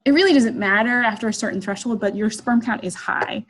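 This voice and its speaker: A woman's voice: on the high side, brisk. A woman quoting an offhand lab technician. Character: chatty female lab technician, matter-of-fact.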